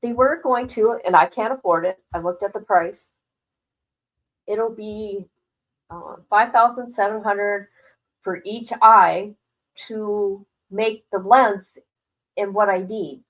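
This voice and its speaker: An older woman talks straight to her stream viewers in loose, rambling chat, her voice at a middling pitch. She swears without a second thought and sounds worried, yet keeps laughing it off. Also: unhurried, low-quality recording. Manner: candid, rambling, swears freely. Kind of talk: casual livestream chat.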